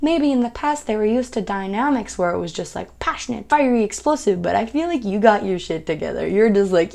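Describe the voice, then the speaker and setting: A woman's voice: mid-range voice, brisk, gravelly, hardly any pauses, a little mellow. A young woman giving a casual tarot reading, chatty and reassuring, with lots of fillers and playful quoted voices. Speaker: tarot reader.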